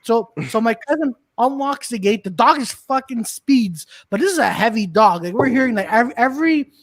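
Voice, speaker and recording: A man's voice: very high-pitched, moderate pace, no room sound. A man co-hosting a casual comedy podcast, telling a story and acting out the people in it. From Montreal. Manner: animated storyteller, acts out quotes. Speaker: podcast co-host.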